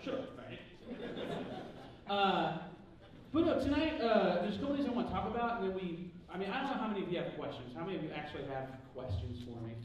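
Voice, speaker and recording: A high-voiced man jokes and mocks himself as he entertains a convention crowd, putting on voices for the people in his stories. He is heard from far off in a big, booming hall, with steady noise underneath. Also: quick pace, dull audio. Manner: joking, self-mocking, acts out quoted dialogue. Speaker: convention panel guest. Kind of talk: comedic storytelling to a live audience. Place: large convention panel hall. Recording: echoey hall from far off, noisy.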